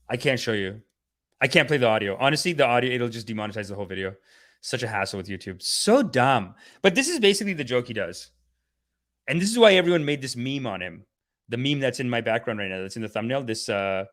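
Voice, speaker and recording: A man's voice: medium pitch, big pitch swings, fairly quick, a bit bright. A man hosting a comedic satirical rant in a sarcastic, preachy, mock-guru manner. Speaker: comedic channel host.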